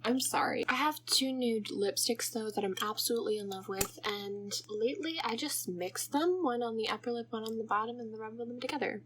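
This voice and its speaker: A woman's voice: a little high, a little fast, hardly any pauses, fairly bright tone, slight background noise. A young woman chatting through a makeup tutorial, rambling off topic and giggling as she goes. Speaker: makeup vlogger. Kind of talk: casual makeup tutorial chat.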